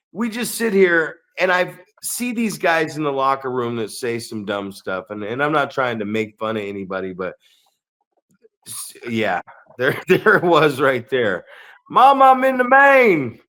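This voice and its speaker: Animated male podcast co-host. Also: medium pitch. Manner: animated storyteller who acts out quotes. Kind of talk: casual chat.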